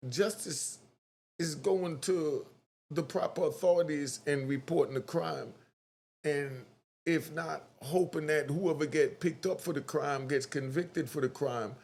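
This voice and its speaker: Speaking straight to his audience, a man hosts casual online commentary with animation, performing the quotes he cites. His voice is mid-range with vocal fry.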